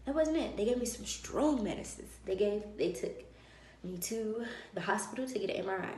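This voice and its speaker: A woman vlogger telling a personal story in a lively way and acting out the dialogue of others. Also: mid-range voice, normal speed, slight background noise. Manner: animated, acts out dialogue. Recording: roomy echo.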